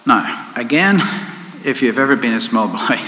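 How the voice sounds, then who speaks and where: A man preaches in a bright, clear voice, chatty and easygoing, circling back to repeat his words. His voice rings through a large echoey hall with a long reverb and faint noise behind it. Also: mid-range voice, expressive, moderate pace. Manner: conversational, with asides and repeated words. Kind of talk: sermon.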